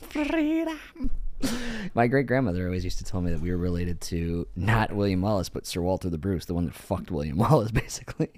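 A man's voice: sits low, quick pace, hardly any pauses, dry recording. A man in his thirties co-hosting a podcast, telling stories in casual chat, swearing freely and laughing often. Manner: profane, laughs often, animated storytelling. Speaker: podcast co-host.

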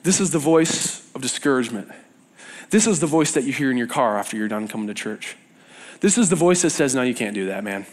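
A man's voice: mid-range voice, brisk. A young adult man preaching a sermon to a youth group, telling stories and acting out the voices he quotes. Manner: animated storytelling, acts out quoted voices.

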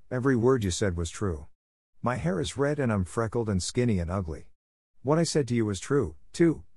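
A man's voice: lowish voice, a little mellow, no room sound, clean studio sound. A man voicing an imaginative, dramatic young orphan girl who pleads earnestly and theatrically. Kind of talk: audiobook character reading.

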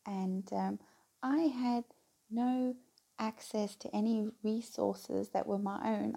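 A woman's voice: medium pitch, gravelly, dark tone, breathy edge. A middle-aged woman talking candidly to her viewers, rambling and laughing between phrases. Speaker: vlogger. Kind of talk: casual personal talk to viewers.

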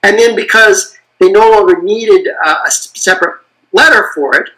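Bright-voiced man explaining patiently. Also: high-pitched, normal speed, low-quality recording. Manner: patient, detailed explanations with frequent fillers. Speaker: guest expert on invented languages. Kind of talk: explanatory podcast chat.

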